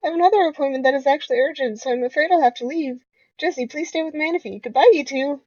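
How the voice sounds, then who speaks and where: A woman voicing a sweet, polite young female scientist from a video game, reading her lines in a gentle, apologetic way. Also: high voice, quick pace, no echo, muffled recording, voice pushed up, lightly acted.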